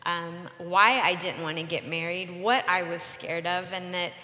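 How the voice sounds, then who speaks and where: Low-voiced woman in her forties, reverberant room. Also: steady tone, bright, forceful tone. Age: 40s. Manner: earnest, reflective, measured. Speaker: podcast co-host. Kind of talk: candid personal storytelling.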